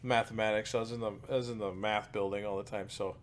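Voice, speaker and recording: Easygoing young podcast co-host. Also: male voice, on the low side, flat delivery, slight background noise. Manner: easygoing, chatty, quick to laugh along. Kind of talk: casual chat.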